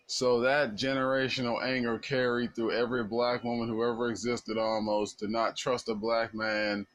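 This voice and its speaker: Man, mid-pitch, earnest and blunt monologue, casual and impassioned. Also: flat delivery, normal speed, hardly any pauses, a bit bright, rough recording.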